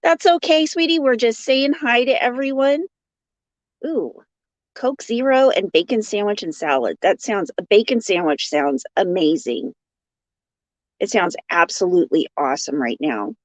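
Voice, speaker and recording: A woman's voice: mid-range voice, lively intonation, normal speed, no room sound. A woman hosting a casual crochet livestream, chatting and laughing as she greets viewers by name and reads their comments. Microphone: phone. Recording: dull lo-fi sound.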